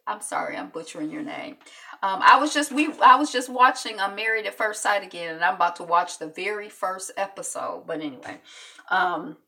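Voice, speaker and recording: A woman's voice: mid-range voice, fairly quick, recorded from a distance. A woman chattily recapping a TV episode, acting out the characters' lines. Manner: animated, acts out quotes, chatty. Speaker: show recap host. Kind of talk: casual TV recap.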